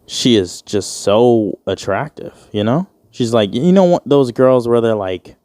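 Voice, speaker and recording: He's in his twenties and hosts a casual podcast alone, drifting between topics, joking, cursing and putting on voices for quotes. His medium-pitched, dark voice has lively intonation and a slightly slow pace. The recording is dry.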